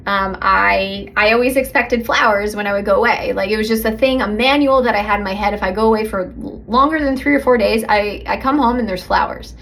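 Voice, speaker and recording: A woman's voice: medium pitch, creaky, fairly bright tone. A woman hosting a podcast as a relationship coach, talking casually and conversationally, laughing easily and acting out sample dialogues.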